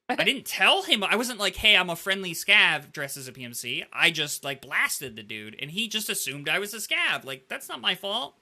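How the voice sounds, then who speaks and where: A man hosts a laid-back gaming podcast and tells his stories with lively, animated energy. His voice sits a bit high and sounds very bright and cutting, and he keeps tossing "like" into nearly every sentence. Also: moderate pace. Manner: animated storyteller, heavy use of "like". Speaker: podcast host. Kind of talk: casual gaming podcast chat.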